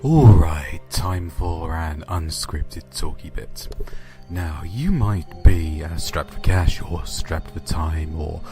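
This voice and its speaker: A man's voice: extremely low pitch, takes it slowly. A man narrating horror stories and chatting casually, with a dry, offhand delivery and some swearing. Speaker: narrator and channel host. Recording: music playing underneath.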